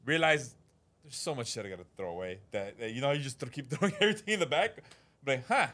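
A man's voice: mid-range voice, animated, fast, bright, forceful tone. A man co-hosting a casual podcast who tells stories with acted-out quotes, swears freely and laughs often. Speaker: podcast co-host.

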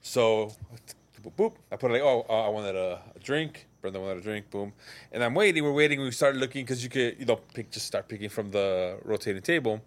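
A man's voice: lowish voice, fairly quick. A man on a casual podcast chat, telling a story animatedly with plenty of swearing. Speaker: podcast co-host.

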